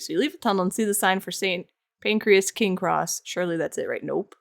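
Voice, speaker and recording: A woman's voice: on the low side, fairly quick, creaky. A woman streaming her art, chatting casually while she sculpts, rambling, laughing often and answering her chat. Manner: reads chat aloud and answers it.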